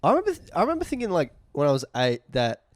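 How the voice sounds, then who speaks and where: A man's voice: on the high side, huge pitch swings, racing, dry recording, studio quality. A young Australian man co-hosting a casual podcast, with a laid-back way of talking. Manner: laid-back, says "bro" and "dude" a lot. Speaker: podcast co-host. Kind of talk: casual chat.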